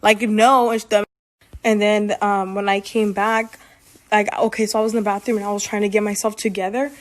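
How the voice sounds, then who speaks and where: A young woman telling a personal story in a casual vlog, rambling and filling every pause with "like.". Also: medium pitch, flat delivery. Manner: rambling, heavy use of "like". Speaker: vlogger.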